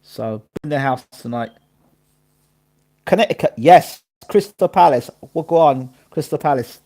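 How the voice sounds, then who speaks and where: A man hosting a casual live boxing stream, chatting his opinions and shouting out viewers by name and place. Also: a little high, expressive, a little slow.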